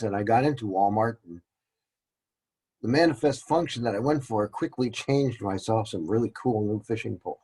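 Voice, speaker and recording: Low husky guy lecturing casually, rambles a lot, makes fun of himself. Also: moderate pace, darkish tone, poor audio. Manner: rambling, joking and self-deprecating. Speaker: teacher presenting a lesson. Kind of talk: casual classroom-style lecture.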